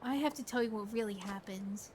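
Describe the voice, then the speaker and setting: A woman's voice: mid-range voice, fairly quick, darkish tone, slight background noise, voice pushed down, close to an everyday voice. A woman voicing a nervous young man who gave a faked gift, talking in a hesitant, apologetic, stammering way. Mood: guilty.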